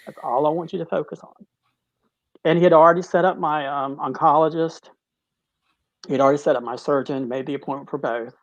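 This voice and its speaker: A middle-aged man, a teacher, tells his cancer story in an interview, halting and restarting, choked up at times. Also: fairly high pitch, fairly even intonation, no room sound, highs cut off. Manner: halting, with many restarts, tearful at moments. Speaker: guest, cancer survivor. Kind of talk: emotional personal story in a talk-show interview.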